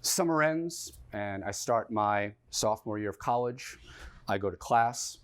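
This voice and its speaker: Animated young male stand-up storyteller. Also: on the low side, measured pace, clear, resonant tone. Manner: animated, self-mocking storytelling. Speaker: comedian. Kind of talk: one-man comedy storytelling. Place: theatre stage.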